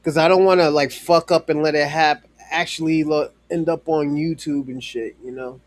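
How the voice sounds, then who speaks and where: A man's voice: a little high, fairly even intonation, normal speed, dry recording. A man chatting casually on a live stream, rambling with many fillers and restarts, swearing freely and talking straight to a viewer in chat.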